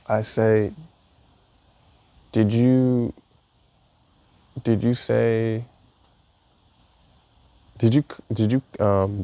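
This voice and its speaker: A young man reads entries from his own journal aloud in a casual, halting way, often restarting his sentences. His voice sits low and has a gravelly, rough edge to it. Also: dark tone. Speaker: vlogger. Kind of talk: reading a personal journal aloud.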